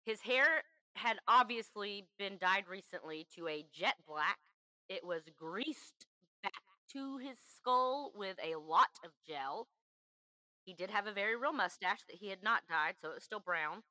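A woman's voice: medium pitch, expressive, unhurried, pushed and bright, no room sound, low-quality recording. A woman hosting a true crime podcast, telling the story in an emphatic, chatty way. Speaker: podcast host.

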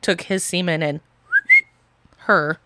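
A woman's voice: fairly low pitch, steady tone, takes it slowly, background noise. A woman casually chatting on a podcast and filling in the plot details of a movie. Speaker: podcast co-host. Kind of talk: casual movie recap chat.

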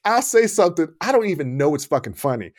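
Animated, profane man telling stories. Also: a little high, fast talker, no room sound, studio quality. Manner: profane, animated, laughing storyteller. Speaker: podcast co-host and personal trainer. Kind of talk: casual chat. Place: studio under hot lights.

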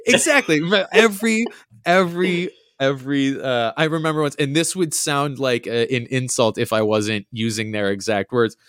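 A man's voice: medium pitch, moderate pace, fairly bright tone, no echo, clean studio sound. A young adult man, a podcast guest, telling casual stories and acting out quotes in a raised voice. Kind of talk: casual storytelling chat.

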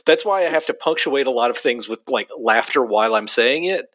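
A man co-hosting a podcast in casual chat, with a deadpan tone. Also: medium pitch, brisk. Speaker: podcast co-host. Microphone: remote call.

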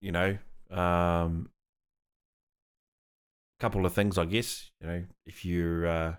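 A New man with a lowish voice chats on a studio podcast. He rambles through plenty of fillers and restarts, laughs easily and swears offhandedly. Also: level tone, slow, smooth. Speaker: podcast co-host. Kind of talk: casual chat.

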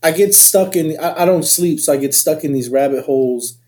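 A man's voice: fairly high pitch, fairly quick, a little mellow. A man co-hosting a casual chat, rambling and restarting his sentences often. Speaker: podcast co-host.

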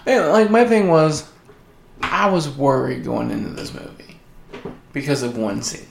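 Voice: mid-range voice, measured pace, vocal fry. A co-host chatting casually, with frequent hesitant restarts. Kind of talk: casual chat. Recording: echoey room.

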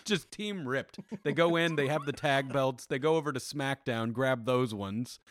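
A young man co-hosting a casual chat podcast, jokey and quick to laugh. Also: medium pitch, a bit bright, no room sound. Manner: jokey, does mock impressions, laughs often. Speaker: podcast co-host.

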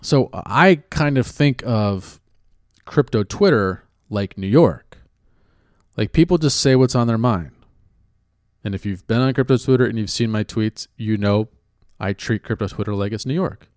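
A man's voice: on the low side, measured pace, a little mellow, dry recording, studio quality. A man from California who works as an actor and writer talks in a casual chat. He is sarcastic and profane, and he rambles with many restarts.

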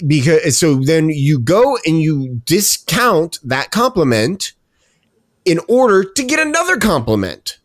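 A man's voice: a little high, very animated, unhurried, dry recording, clean studio sound. A man co-hosting a podcast, ranting emphatically and repeating himself as he makes his point. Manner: emphatic, repetitive, self-interrupting. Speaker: podcast co-host. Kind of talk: casual ranting chat.

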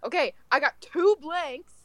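A woman playing a tabletop role-playing game, bubbly, giggly and excitable in casual chat. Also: high voice, a little slow, rough recording. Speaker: player.

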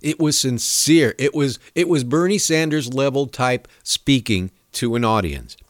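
Rambling, lively-voiced male political host. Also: medium pitch, a little slow, no room sound. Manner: rambling, sarcastic, with chuckles. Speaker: podcast host. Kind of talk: opinionated political commentary.

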